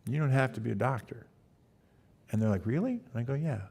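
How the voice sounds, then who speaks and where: An older university lecturer tells relaxed stories to a live audience, full of restarts and quoted dialogue. His voice is mid-pitched and unhurried. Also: breathy edge. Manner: easygoing, many fillers and restarts, quoting students. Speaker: Stanford lecturer and co-author. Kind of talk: storytelling at a live talk.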